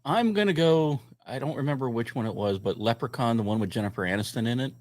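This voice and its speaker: A man's voice: mid-range voice, fast talker. A man on a casual panel show, joking and hesitant, trailing off mid-thought.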